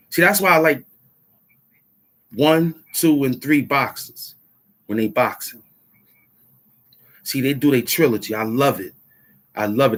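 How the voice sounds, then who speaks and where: Husky middle-aged man ranting. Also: medium pitch. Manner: heated, repeats phrases for emphasis, street slang. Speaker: vlog host. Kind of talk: casual political rant to camera.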